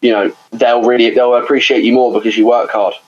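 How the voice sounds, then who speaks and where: A man's voice: medium pitch, level tone, brisk, lo-fi sound. A young man, co-hosting a podcast in casual chat, rambling and laughing with lots of fillers. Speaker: podcast co-host.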